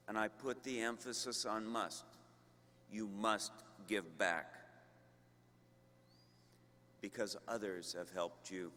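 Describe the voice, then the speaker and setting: A man giving a commencement speech to graduates as a university leader, slow and emphatic with deliberate pauses. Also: on the low side, fairly even intonation, sharp tone. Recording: long reverb of a large hall.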